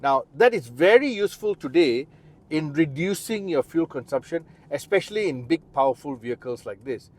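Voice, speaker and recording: A man's voice: a little high, expressive, moderate pace, darkish tone. A man giving a chatty, explanatory car review, talking straight to the viewer beside and inside the car. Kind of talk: casual car review walkaround.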